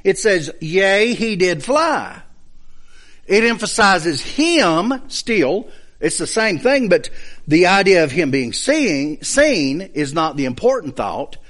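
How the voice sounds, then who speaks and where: A man's voice: high-pitched, very animated, a bit bright. A man teaching a Bible study lesson, explaining points step by step and checking in with his listeners. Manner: explains slowly, checks understanding with asides.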